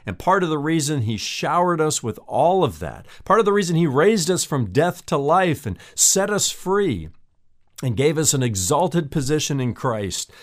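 A man's voice: fairly high pitch, sing-song, moderate pace. Earnest male pastor preaching a sermon. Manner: earnest, addresses listener as friend.

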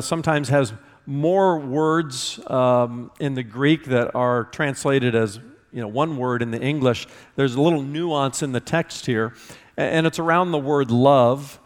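Earnest preaching man in a reverberant hall. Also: a little high. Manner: earnest, conversational preaching with dramatic quoted dialogue. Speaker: pastor. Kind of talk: sermon.

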